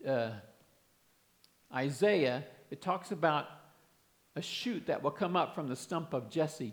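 Earnest man preaching a sermon. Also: on the high side. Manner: earnest, reads scripture aloud with emphasis.

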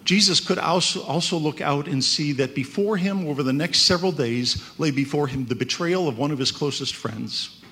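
A man's voice: on the high side, moderate pace, a bit bright. A man preaching a conversational sermon, often checking in with "right?". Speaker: pastor.

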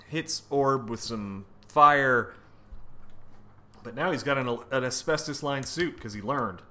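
A man's voice: mid-range voice, sharp tone. A man co-hosting a podcast, recapping a comic book in casual, profane chat full of fillers and restarts. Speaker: podcast co-host.

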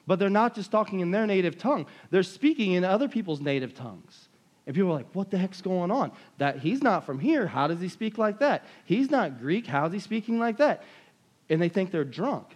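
A man preaching a sermon in a conversational, animated way, retelling scripture stories with quoted voices. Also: a little high. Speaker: pastor. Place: church.

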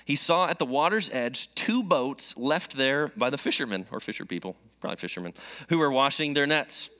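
Man, pastor, sermon, bright ringing voice, mid-pitched, jokey storyteller. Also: expressive, normal speed.

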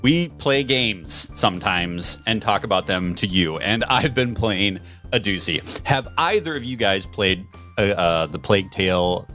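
A man's voice: lowish voice, lively intonation, measured pace, bright, forceful tone, faint music behind. A man hosting a casual podcast, wry and rambling, with frequent fillers. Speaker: podcast host.

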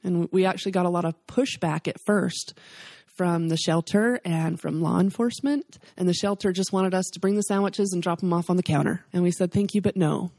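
A woman's voice: lowish voice, steady tone, a little fast, darkish tone, dry recording, clean studio sound. A woman in her forties telling an emotional, faith-filled story as an interview guest. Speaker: guest, charity founder.

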